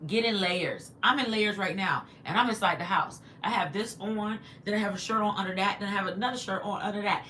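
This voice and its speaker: A woman's voice: medium pitch, fairly quick, slight background noise. A woman hosting a casual livestream from inside her house, chatting with viewers and reading their comments aloud. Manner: chatty and animated, talks back to viewers and her pet. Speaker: livestream host.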